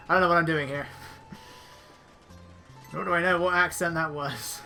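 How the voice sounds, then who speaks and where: A woman's voice: on the low side, fairly even intonation, unhurried, long pauses, bright, forceful tone. A woman doing casual gameplay commentary as a let's player, with dry, joking asides. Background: faint game music.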